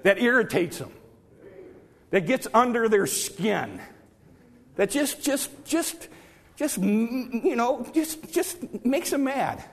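A man's voice: very high-pitched, animated, slow, in a large hall. A man preaching a sermon in church, telling folksy stories and repeating words when he presses a point.

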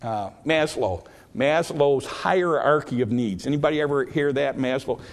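A man preaching a sermon in a conversational way, with frequent restarts, slowing right down to stress the scripture lines. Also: mid-range voice.

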